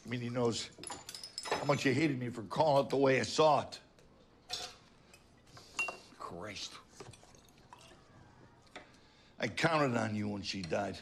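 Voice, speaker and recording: An actor playing a gruff, blunt, middle-aged working-class father in a film drama. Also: mid-range voice, slight background noise. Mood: bitter.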